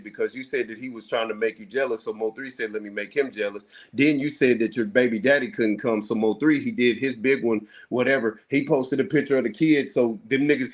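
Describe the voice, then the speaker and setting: A man hosting a heated casual talk, laying out his argument fast and profanely, firing off questions. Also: mid-range voice. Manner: fast, rapid-fire, profane, animated. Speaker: podcast host.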